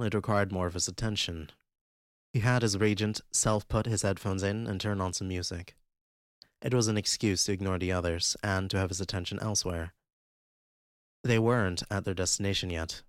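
A man narrates a fan-made audiobook with a steady, even delivery. His voice sits on the low side. The recording is dry and close, with no room sound. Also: no echo.

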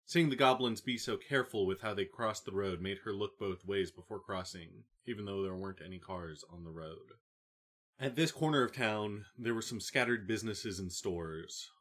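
A man narrating a novel audiobook in a calm, even reading. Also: on the low side. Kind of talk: scripted narration.

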